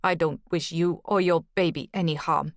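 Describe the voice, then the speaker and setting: A woman's voice: low-pitched, steady tone, moderate pace, dry recording, studio quality. A woman voicing a cold, gaunt, silver-haired ex-soldier who speaks in a menacing way. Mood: cold menace.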